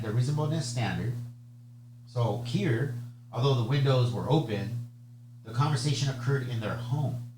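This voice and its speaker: A man giving a conversational exam lecture, chatty, often checking in with "okay?" and "right?". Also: medium pitch. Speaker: bar exam tutor. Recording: echoey room with steady hum.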